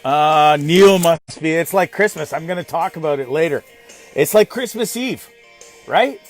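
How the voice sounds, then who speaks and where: A man hosting a casual live stream, rambling excitedly and greeting viewers by name. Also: on the high side, unhurried, soft background music. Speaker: host of a live online show.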